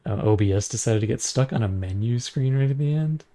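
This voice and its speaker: A man's voice: medium pitch, lively intonation, fairly quick, dark tone. A man casually chatting and joking while streaming a game. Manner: offhand, joking, swears. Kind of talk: casual gaming stream chat.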